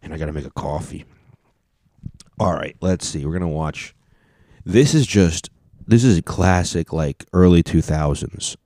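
Low-voiced male podcast host, casual jokey video-reaction commentary, dry close sound. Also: unhurried, long pauses, warm tone, no echo. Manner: loose, jokey, talks over the clips.

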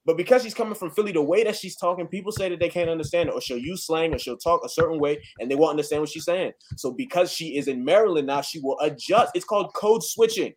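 A man's voice: fairly high pitch, fast, hardly any pauses. A young man and first-generation immigrant in a heated group discussion, cutting in to make numbered points. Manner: interrupts, repeats "time out" to take the floor. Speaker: debate participant.

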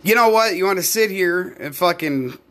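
A man's voice: high voice, lively intonation, normal speed, a bit bright. A man, hosting a podcast, ranting alone in a heated and profane way. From United States. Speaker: podcast host; live performer. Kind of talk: angry solo rant.

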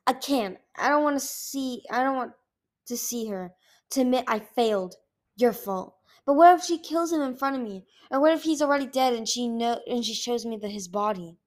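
A woman's voice: a little high, moderate pace, voice pushed up, natural voice. A woman reading a storybook aloud and voicing a fierce, exhausted young female ice dragon who snarls and spits her words. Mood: bitter. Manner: snarling, spitting, bitter. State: sleepless, wounded.

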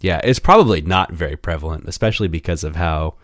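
A man in his thirties with a Midwestern American accent, co-hosting a podcast in a slow, deliberate, dry casual chat. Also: low-pitched, animated, no echo. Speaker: podcast co-host.

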